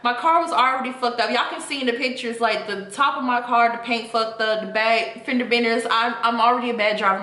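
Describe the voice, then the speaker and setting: A woman's voice: a little high, sharp tone. A young woman vlogger venting a storytime rant to her viewers, heated and full of cursing. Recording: echoey room.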